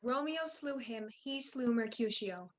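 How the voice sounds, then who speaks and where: A woman's voice: a little high, animated, unhurried. A woman playing a stern, commanding prince in a video-call staged reading.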